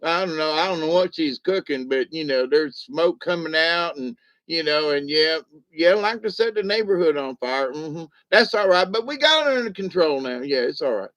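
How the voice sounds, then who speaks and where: Easygoing, chuckling male stream host, a little high, fairly high voice. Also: lively intonation, normal speed, fairly bright tone. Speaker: livestream host. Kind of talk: casual late-night chat with viewers.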